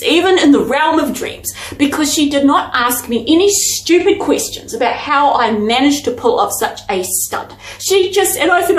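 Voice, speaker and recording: A woman's voice: sits high, animated, brisk, echoey room, rough recording. Chatty Australian woman vlogger. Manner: chatty, self-deprecating, addresses viewers as guys. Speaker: vlogger and author. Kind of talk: casual storytelling to camera.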